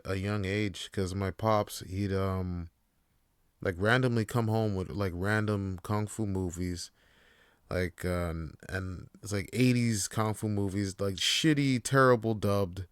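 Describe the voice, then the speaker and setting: A man's voice: lowish voice, unhurried, a bit bright, smooth, no echo, studio quality. A young man hosting a podcast in a laid-back, profane monologue full of fillers. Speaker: podcast host. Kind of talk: casual monologue.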